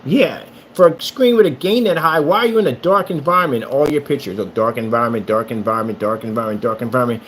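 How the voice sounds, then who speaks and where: A man's voice: medium pitch, fast, hardly any pauses, a bit bright, slight background noise. A man who makes screen paint rants at a rival in a combative, mocking tone, repeating his jabs. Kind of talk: ranting vlog.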